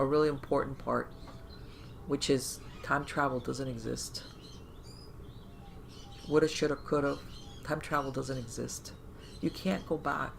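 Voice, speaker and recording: A podcast host talking in a casual interview, animated, with many fillers and restarts and acted-out inner voices. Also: medium pitch, gravelly, a little hiss or hum.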